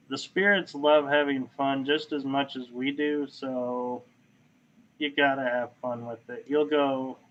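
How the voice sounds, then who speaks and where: A man guest on a podcast, telling paranormal investigation stories in casual chat over a video call, animated. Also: medium pitch, a little hiss or hum. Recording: dull lo-fi call audio.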